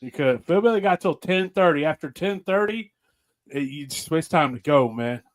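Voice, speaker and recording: A man's voice: a little high, lively intonation, normal speed. A man guest chatting casually on a podcast, easygoing, laughing as he recalls stories and acts out quotes. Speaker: guest, moonshine partner.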